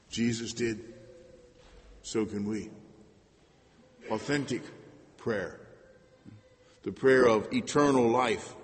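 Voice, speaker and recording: Slow, earnest male preacher in reverb. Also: medium pitch. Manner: earnest, swings between loud emphasis and hushed asides. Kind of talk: sermon. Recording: long hall reverb.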